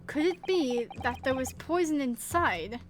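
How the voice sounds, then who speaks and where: A woman's voice: high voice, lively intonation, unhurried, noisy background. A woman reading as an earnest young male lawyer. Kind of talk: reading game dialogue aloud.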